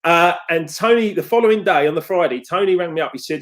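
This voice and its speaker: A man's voice: on the high side, animated, fairly quick. A middle-aged man, a success coach, telling stories in a chatty, upbeat way to his followers. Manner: chatty and upbeat, storytelling with quotes. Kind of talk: casual live talk to followers.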